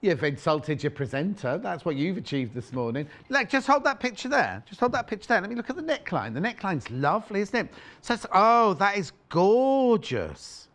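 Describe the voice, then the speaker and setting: Lively, teasing male shopping-channel host. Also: high-pitched, moderate pace. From United Kingdom. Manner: playful, teasing, chatty, lots of asides. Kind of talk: live TV sales chat. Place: TV studio. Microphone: clip-on mic.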